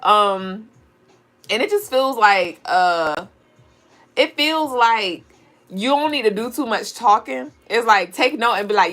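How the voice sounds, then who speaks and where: This tarot and astrology livestreamer speaks slowly with lively intonation in a slightly high, fairly bright voice. Hosting a live reading, she's chatty and fun, laughs often, and speaks to her chat audience.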